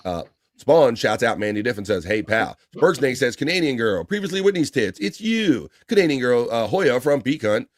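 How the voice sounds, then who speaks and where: A man hosting a relaxed livestream at a mid-range pitch, reading viewer comments aloud and laughing along. His voice sounds close and dry, with no room echo. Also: normal speed. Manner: reads chat shout-outs aloud, laughing often, swearing casually. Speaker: livestream host reading chat. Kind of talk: casual chat.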